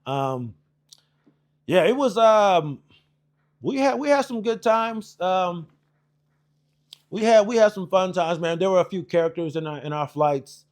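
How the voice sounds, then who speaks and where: A man's voice: high-pitched, measured pace, pauses often. A man in his forties, an Air Force veteran, telling service stories in a rambling, profane, casual way with lots of fillers. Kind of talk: casual storytelling.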